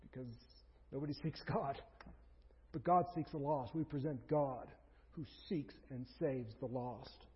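A man's voice: medium pitch, unhurried, breathy edge. A man preaching a sermon as pastor, emphatic, driving his points home through repeated phrases. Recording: dull sound with long hall reverb.

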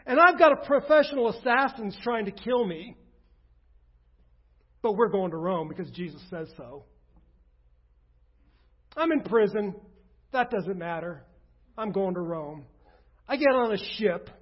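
A preacher acting out an exasperated, defiant apostle. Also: male voice, high-pitched, expressive, a little slow, pauses often, lo-fi sound. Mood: incredulous. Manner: incredulous, mocking.

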